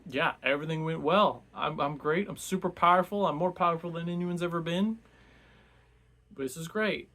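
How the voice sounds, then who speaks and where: A man voicing a smug, all-powerful old male wizard in a book recap, loud and bossy. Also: medium pitch, steady tone, normal speed, vocal fry. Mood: gloating.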